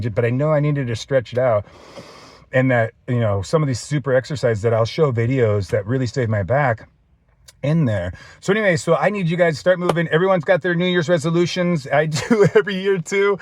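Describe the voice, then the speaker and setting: A man's voice: medium pitch, no room sound. A man in his thirties filming an off-the-cuff fitness vlog. He rambles and says "dude" a lot, and he is choked up. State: teary, choked up. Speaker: fitness vlogger.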